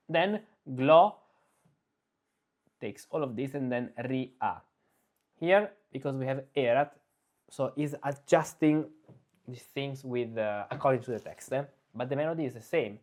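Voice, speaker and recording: Slow-talking man teaching chant. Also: mid-range voice, darkish tone. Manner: explains slowly, breaks into sung Latin chant phrases. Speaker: music teacher. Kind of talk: spoken lesson with sung chant examples. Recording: slightly dull, lo-fi recording.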